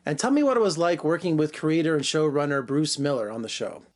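Brisk male interview host. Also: a little high, lively intonation. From Las Vegas, USA. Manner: brisk, upbeat, presenter-like. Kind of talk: broadcast interview hosting.

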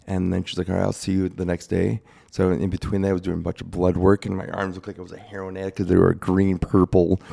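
Deep gravelly man in his forties. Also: dark tone. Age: 40s. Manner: plain-spoken, rambling storyteller. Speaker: guest telling his story. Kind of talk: casual chat.

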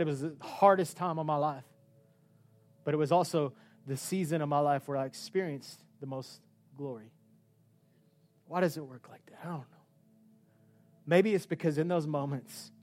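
A man preaching a sermon with passion, swinging between loud outbursts and hushed, quiet stretches. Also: on the high side. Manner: impassioned, swinging from shouts to hushed tones.

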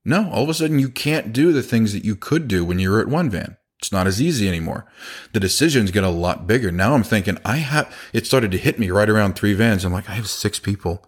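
A low-pitched man, chatting casually as a business owner. He tells work stories and slips into the voices of the people he quotes. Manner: conversational, acts out quoted dialogue. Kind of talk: casual storytelling talk.

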